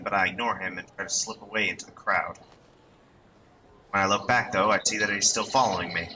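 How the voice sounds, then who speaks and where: A man reading a visual novel aloud with expressive, lightly comic narration. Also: deep voice, normal speed, pauses often, a little hiss or hum, poor audio. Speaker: let's-play reader.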